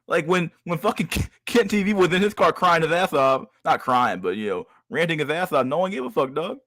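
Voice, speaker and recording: A man's voice: fairly high pitch, big pitch swings, a little fast, fairly bright tone, no room sound. A man hosting a casual livestream chat, ranting profanely about clips, stumbling over repeated words and tagging lines with "dog". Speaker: streamer host.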